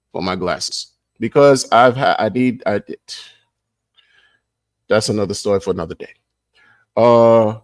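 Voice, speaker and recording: A low-pitched man chatting loosely on his own livestream. He rambles, circles back and repeats phrases as he greets the chat. The sound is dry and close, with no room around it. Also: no echo. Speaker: livestream host.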